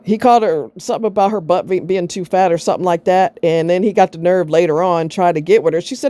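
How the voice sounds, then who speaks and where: A woman's voice: fairly low pitch, quick pace, few pauses, mellow. A middle-aged woman vlogging, telling a personal story in a blunt, sarcastic way and swearing freely.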